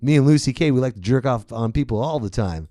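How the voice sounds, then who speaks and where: A man's voice: medium pitch, lively intonation, fast, mellow, no room sound, clean studio sound, lightly acted. A man putting on a sleazy, leering male film star who prods with taunting asides. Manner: sleazy, prodding "huh?" asides.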